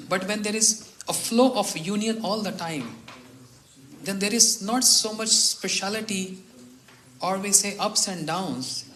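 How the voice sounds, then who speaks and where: Spiritual teacher, unhurried storytelling sermon in a roomy hall. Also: male voice, high-pitched, slight background noise. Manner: slow, measured, acts out dialogue quietly. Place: retreat hall.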